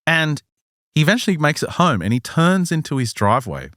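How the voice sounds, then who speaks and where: A man's voice: on the high side, a little fast, dry recording, clean studio sound. A man, a bit under the weather, co-hosting a podcast and telling a strange story in casual chat. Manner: lively, laughs often while telling. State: a little sick. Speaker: podcast co-host.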